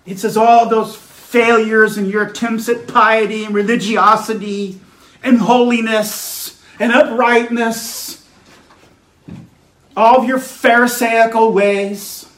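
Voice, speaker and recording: A man's voice: high voice, level tone, slow pace, fairly bright tone, echoey room, rough recording. A man preaching a sermon as pastor, earnest and emphatic, building his points through repeated phrases.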